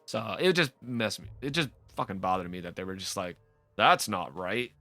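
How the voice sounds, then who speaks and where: A man with a bright, forceful voice rants freely as a gaming video host, swearing and cutting himself off mid-thought. His talk rambles and doubles back as he works through his point. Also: lowish voice, sing-song, a little fast, dry recording. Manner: rambling, profane, frequent self-interruptions. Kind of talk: casual off-the-cuff rant to camera.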